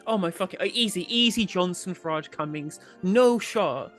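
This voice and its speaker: A man guesting on a podcast in casual political chat, making wry, dry jokes and measured asides. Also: high-pitched, pushed and bright, faint music behind.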